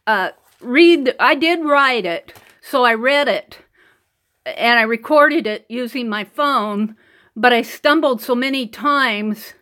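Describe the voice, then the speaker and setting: A woman's voice: high-pitched, pushed and bright. A woman hosting a live art stream, chatting casually while she paints, laughing often and greeting viewers by name. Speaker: art livestream host. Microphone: computer mic over wireless connection.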